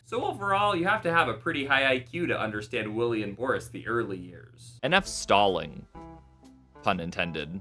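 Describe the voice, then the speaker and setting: Young man, comedy commentary host, sarcastic, deadpan asides, bright, lively pitch.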